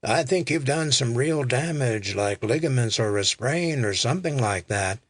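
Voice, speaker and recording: A man voicing a weary male commuter, speaking calmly. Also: medium pitch, normal speed, dry recording, natural voice. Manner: calm, weary. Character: tired male commuter, calm.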